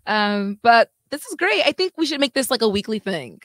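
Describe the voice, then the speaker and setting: A woman's voice: on the high side, big pitch swings, moderate pace, no echo. A woman news anchor co-hosting a casual chat, talking freely and laughing easily.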